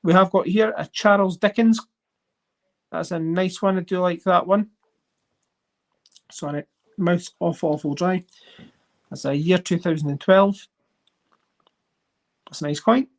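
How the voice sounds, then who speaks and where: A host chatting casually on a livestream while sorting coins, rambling and getting excited over finds. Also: medium pitch, unhurried, pauses often. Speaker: coin collecting channel host.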